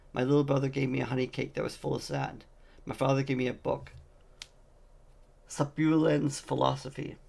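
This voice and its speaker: Man, audiobook reading, heavy vocal fry, mid pitch, plain narration. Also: darkish tone. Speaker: audiobook reader. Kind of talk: reading a novel aloud.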